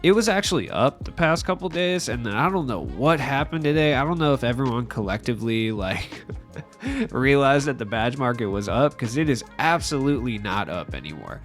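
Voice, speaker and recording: Over soft background music, a young man narrates a gaming video without a face cam, his mid-range voice swinging widely in pitch at a moderate pace. Nasal and allergy-clogged, he rambles, pokes fun at himself, and says "like" a lot.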